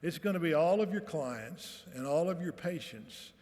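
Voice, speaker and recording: Guy telling folksy stories at a podium, kinda high voice, big echoey hall. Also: moderate pace. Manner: folksy, animated storytelling with voiced quotes. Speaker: commencement speaker. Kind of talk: storytelling speech, reading aloud. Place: large hall, on stage. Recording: reverberant hall.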